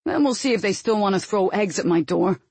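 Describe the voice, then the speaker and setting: A man's voice: high voice, animated, brisk, darkish tone, husky, no room sound, heavily acted. A woman doing a cocky young soldier bloke. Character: brash young male soldier recruit, cocky.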